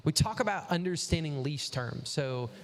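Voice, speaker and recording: A man with a notably high voice hosts a casual chat, giving practical advice and playing out little quoted dialogues. A long reverb hangs on the voice. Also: expressive, moderate pace, creaky. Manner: advisory, acts out quoted dialogue. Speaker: host.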